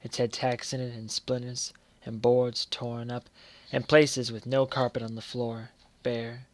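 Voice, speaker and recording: A man's voice: mid-range voice, level tone, measured pace, natural voice. A man reading the lines of a weary old mother advising her son, in plain folksy dialect. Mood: earnest.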